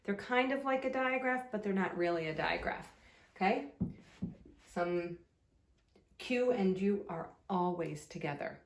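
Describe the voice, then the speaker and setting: A woman teacher giving a slow, sing-song phonics lesson to young children, drawing words out patiently. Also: medium pitch, animated, echoey room.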